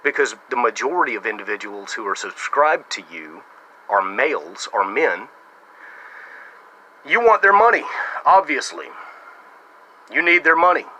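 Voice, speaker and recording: A man's voice: medium pitch, sing-song, a little slow, long pauses, sharp tone, slight background noise, poor audio. An American man making a casual response video to camera, with a sarcastic, mocking manner. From United States. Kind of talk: casual talking-to-camera monologue.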